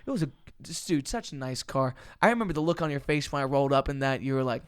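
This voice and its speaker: A man, hosting a casual podcast chat and telling stories with lively acted-out quotes and frequent laughs. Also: medium pitch, fast talker, smooth, no echo, studio quality. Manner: animated storyteller, acts out quotes, laughs often. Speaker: podcast host, musician.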